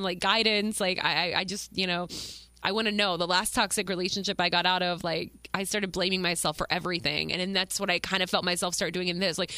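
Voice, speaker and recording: A young woman hosts her own podcast and speaks in an open, emotional way. Her bright voice is recorded dry and close. She tells her story with plenty of fillers and the odd curse. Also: mid-range voice, clean tone, dry recording. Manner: emotional, candid, swears, many fillers. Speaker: podcast host. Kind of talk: personal storytelling monologue.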